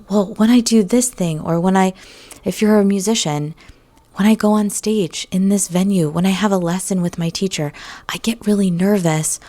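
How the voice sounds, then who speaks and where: A young adult woman talking casually as a mindset coach, chatty and full of "like" and "right?", sometimes dropping into a whisper. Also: medium pitch. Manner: chatty, frequent "like" and "right?", breaks into soft whispers. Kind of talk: casual solo talk to camera.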